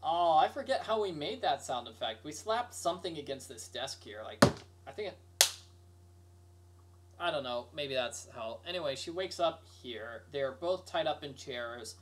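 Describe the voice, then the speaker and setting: A man's voice: a little high, expressive, moderate pace. Playful man streaming his own game. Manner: joking, playful, reads all the characters himself. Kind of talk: livestream commentary reading game dialogue aloud.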